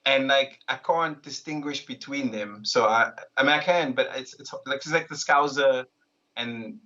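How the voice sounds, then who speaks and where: A man's voice: mid-range voice, normal speed, sharp tone, lo-fi sound. A man in casual chat, laughing and playful, trying out silly impressions between remarks. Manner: laughing, playful, slips into put-on accents. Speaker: guest.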